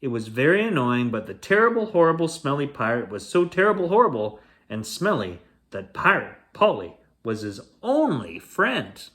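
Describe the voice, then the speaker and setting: A man's voice: medium pitch, big pitch swings, moderate pace, few pauses, fairly bright tone. A Canadian man hosting a bedtime story reading, chatty with playful asides. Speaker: storyteller host.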